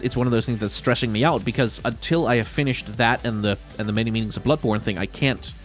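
Nasal man with blocked sinuses. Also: fairly low pitch. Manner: rambling, self-correcting, swears casually. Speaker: YouTuber answering viewer questions. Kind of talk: casual solo Q&A outro.

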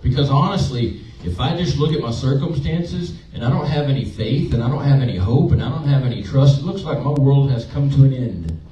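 Animated and brisk, barely pausing, a pastor with a warm mid-range voice gives a conversational sermon full of emotional personal stories and questions for his congregation. It was recorded in a church sanctuary and sounds roomy, distant, and dull.

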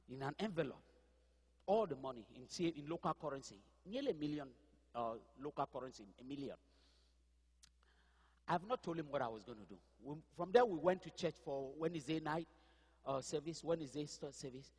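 A man from Cameroon preaching a sermon, telling his own story, with quiet asides and sudden loud outbursts. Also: a little high, slightly rough, in a large hall. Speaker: pastor. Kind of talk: sermon testimony.

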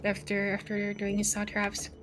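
A woman's voice: mid-range voice, monotone, normal speed, very noisy. A young woman streamer chatting playfully with friends while playing a game, giggling and reading text aloud.

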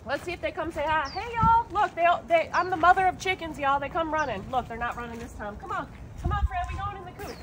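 Bubbly woman host for a home cooking vlog, high voice, chatty, talks right to the viewers. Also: fast, few pauses, roomy sound, noisy background. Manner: chatty, bubbly, constantly addresses viewers as y'all. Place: home kitchen, then a sunny backyard chicken coop.

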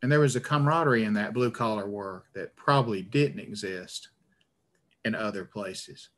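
A man's voice: on the low side, moderate pace, a bit bright. Male author with a northern Alabama accent, stammering, self-deprecating, over a video call. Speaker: author guest. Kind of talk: conversational interview.

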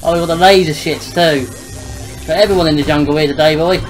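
A man's voice: on the high side, fairly even intonation, fast talker, soft background music, rough recording. A young man giving casual, joking let's-play commentary, muttering and swearing at the game. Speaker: gameplay commentator.

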